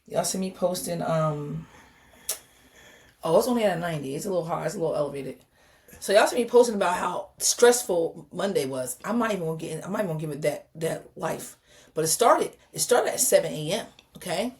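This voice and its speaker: A woman co-hosting a podcast, telling stories in a casual, animated way, acting out the dialogue and talking to her listeners directly. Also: lowish voice, fairly quick. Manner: animated storyteller, acts out dialogue, addresses listeners as y'all. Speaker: podcast co-host. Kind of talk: casual chat.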